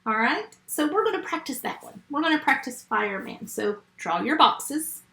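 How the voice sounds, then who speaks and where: A woman's voice: high voice, big pitch swings, bright, forceful tone, echoey room. A woman teaching a first grade phonics lesson remotely, patient and step by step. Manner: slow, patient, step-by-step teaching to young children.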